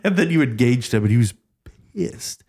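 His voice is medium-pitched, quick and slightly rough as this man, a podcast guest, casually shares stories from an old job. He's animated and voices the people he quotes.

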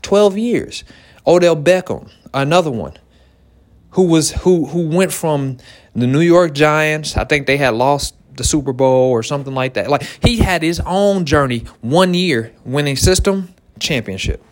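A man, a small business owner, giving a motivational talk to entrepreneurs in an animated way, repeating key phrases and laughing often. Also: a little high, unhurried.

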